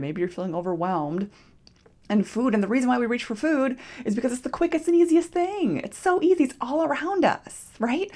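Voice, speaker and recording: A woman's voice: medium pitch, darkish tone. A woman podcast host and nutrition coach talking casually and expressively, acting out quoted self-talk. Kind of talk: solo podcast monologue.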